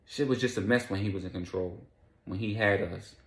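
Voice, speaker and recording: Man playing a weary older cop, hushed, gravelly, echoey room. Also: sits low, fairly quick. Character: weary male cop nearing retirement.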